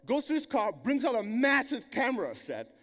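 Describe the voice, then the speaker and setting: High-voiced man with a German accent. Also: moderate pace, big-room sound. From Greece. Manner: energetic, blunt, swears freely. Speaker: conference speaker. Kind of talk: keynote storytelling.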